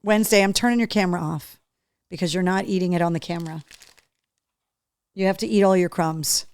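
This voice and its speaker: A woman hosting a casual live show, chatty and excitable, talking to her dog between opening gifts from fans. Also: lowish voice, brisk, clean tone, no echo. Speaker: host.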